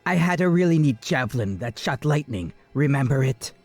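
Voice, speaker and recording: A man's voice: mid-range voice, animated, normal speed, darkish tone, no room sound, soft background music, lightly acted. A man voicing a hissing halfling warrior woman with a thick accent. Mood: disdainful. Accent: thick unplaced accent. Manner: hissing, disdainful. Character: fierce female halfling warrior in plate armor.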